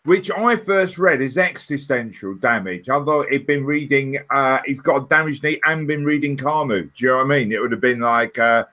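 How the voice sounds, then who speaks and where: Bright-voiced man, laughing easily. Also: medium pitch, brisk, hardly any pauses. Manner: amused, laughs often while reading comments. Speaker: co-host reading viewer comments. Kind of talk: casual fan chat.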